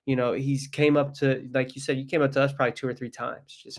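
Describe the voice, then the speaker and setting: A man's voice: mid-range voice, steady tone, quick pace, hardly any pauses, fairly bright tone. A man hosting a podcast, chatting casually and retelling a conversation. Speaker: podcast host. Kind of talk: casual interview talk.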